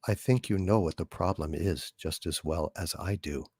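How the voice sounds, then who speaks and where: A man voicing a calm, cold male ship computer, speaking low, soft and slowly. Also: slightly rough, no room sound. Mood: eerily calm. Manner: soft, slow, eerily calm.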